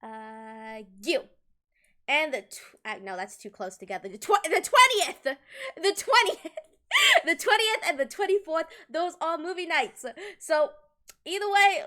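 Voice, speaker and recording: With a high-pitched, slightly bright voice, a woman from Colombia chats casually on a livestream. Giggling often between sentences, she gestures animatedly near her desk microphone while addressing viewers.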